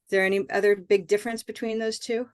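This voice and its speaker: A woman's voice: mid-range voice, flat delivery, fast talker, smooth, no echo, clean studio sound. A woman, leading a live online pronunciation lesson and patiently modeling words for learners to repeat. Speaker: English pronunciation teacher.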